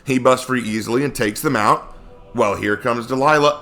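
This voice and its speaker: A man's voice: mid-range voice, a little fast, sharp tone. A man giving a casual Bible lesson, talking conversationally and asking many rhetorical questions. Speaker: Bible teacher.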